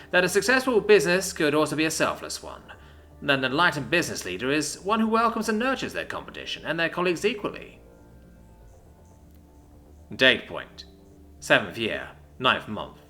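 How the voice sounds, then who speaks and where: A man narrating a story aloud, voicing every character himself and shifting pitch for their lines. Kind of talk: scripted narration. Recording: soft music behind.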